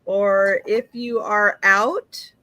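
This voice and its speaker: A woman's voice: mid-range voice, fairly even intonation, drawn-out words, sharp tone, no echo. A woman hosting a live-stream sale, greeting viewers and keeping track of their bids. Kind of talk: casual live-sale chat.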